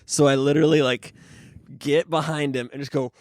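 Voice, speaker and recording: A man's voice: a little high, steady tone, brisk, dry recording, studio quality. A young adult man co-hosting a casual podcast, telling a rambling story, laughing mid-sentence and swearing. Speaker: podcast co-host. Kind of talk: casual chat.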